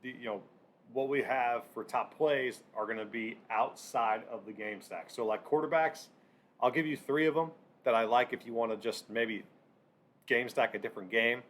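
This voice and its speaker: A man hosting a casual sports picks breakdown, talking in halting bursts with lots of fillers and restarts. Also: medium pitch, a bit bright. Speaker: sports betting channel host.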